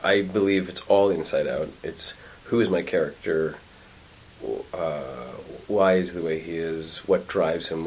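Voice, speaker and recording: Deep, low middle-aged actor, animated interview storyteller; faint hiss. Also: male voice, rough recording. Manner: animated, acts out quotes, lots of restarts. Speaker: actor and acting teacher. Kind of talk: casual interview conversation. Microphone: studio mic.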